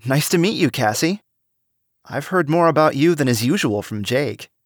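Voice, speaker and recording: A man's voice: a little high, expressive, moderate pace, no echo, clean studio sound, pitched above the performer's own voice. A man reading aloud and voicing a friendly, cheerful young man with a raised, eager voice.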